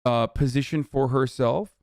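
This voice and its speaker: A man's voice: medium pitch, fairly even intonation, moderate pace, a little mellow, no echo, clean studio sound. A young man streaming, ranting at a news clip with exasperated, profane commentary and lots of filler words. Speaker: streamer reacting to news clips. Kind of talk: live-stream reaction rant.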